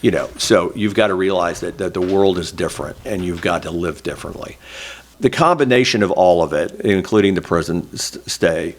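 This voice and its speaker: Low-voiced man telling an emotional story. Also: moderate pace. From Oklahoma. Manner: emotional, candid storytelling, close to tears. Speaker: interview guest, former state senator. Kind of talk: oral history interview.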